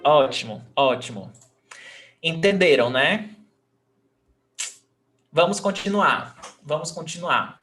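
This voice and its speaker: A man with a Brazilian Portuguese accent teaches a live online class. He talks slowly in a slightly raised voice, repeats example sentences, and keeps checking that his students follow. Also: on the high side, animated, fairly bright tone, soft background music. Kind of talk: live online language lesson.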